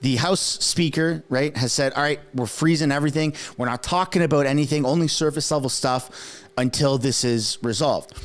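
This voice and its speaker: A man whose first language is French, giving casual political commentary in an animated, conversational way with frequent rhetorical asides. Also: mid-range voice, normal speed. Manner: acts out quoted speech in put-on voices.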